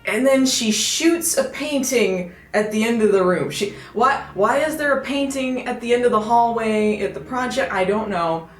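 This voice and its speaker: A woman's voice: a little high, normal speed, hardly any pauses. A woman reviewing a novel in a sarcastic, exasperated comic rant, stumbling over restarts. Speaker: video reviewer. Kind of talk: comedic book review. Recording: echoey room with faint music.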